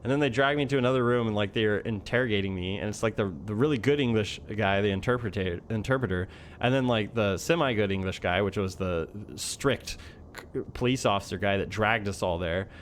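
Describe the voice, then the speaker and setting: A man's voice: on the low side, fairly quick, slight background noise. Rambling young man telling a story. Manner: rambling, heavy use of fillers. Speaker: vlogger. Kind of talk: casual storytelling.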